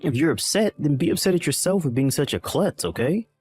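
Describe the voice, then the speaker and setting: A man's voice: a little high, animated, brisk, darkish tone, husky, faint music behind. A man playing a dismissive, callous young husband in a voiced text-message drama, irritated and condescending.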